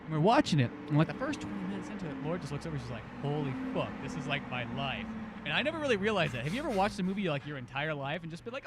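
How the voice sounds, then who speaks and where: A man's voice: a little high, very fast, slight background noise. A man co-hosting a podcast in casual chat, telling stories and acting out the lines he quotes. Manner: animated storyteller, acts out quoted lines. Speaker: podcast co-host.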